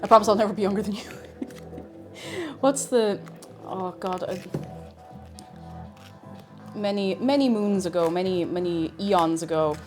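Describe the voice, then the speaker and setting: A woman's voice: medium pitch, measured pace, pauses often, a little mellow. A young woman chatting casually and rambling while she bakes on a livestream, greeting viewers and poking fun at herself. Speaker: streamer. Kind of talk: casual baking livestream chat. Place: home kitchen. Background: faint music.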